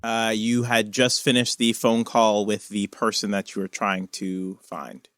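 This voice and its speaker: A man's voice: lowish voice, little pitch movement, unhurried, a bit bright, smooth, no echo, studio quality. A man narrating as game master of a tabletop game, easygoing, with hesitant fillers and chuckles.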